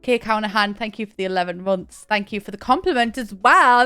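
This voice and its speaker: Chatty woman streamer, smooth voice. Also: on the high side, fairly even intonation, a little fast, few pauses, fairly bright tone. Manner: chatty, thanks viewers by name, laughs often. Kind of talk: casual live-stream chat. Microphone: desk mic, camera on.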